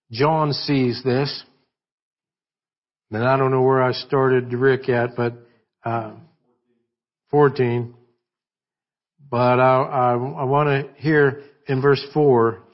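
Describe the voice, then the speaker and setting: A man's voice: fairly high pitch, highs cut off. A man preaching a sermon, reading scripture and speaking emphatically, with asides to his congregation. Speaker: pastor.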